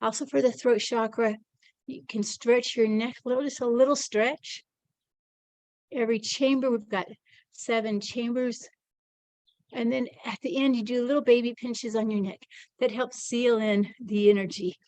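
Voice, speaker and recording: A woman with a fairly high, evenly intoned voice and a darkish tone talks at a normal speed. She's teaching an energy routine, chatting and encouraging as she narrates each movement while doing it, slightly out of breath, in a casual demonstration. The recording is dry and the audio quality is poor.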